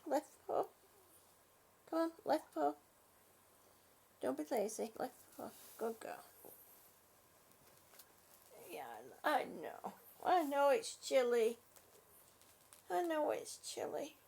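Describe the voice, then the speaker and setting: A woman talking casually to her small dog as she dresses it, coaxing and affectionate, often quiet and laughing. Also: high-pitched, slow, creaky, long pauses. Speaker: vlogger.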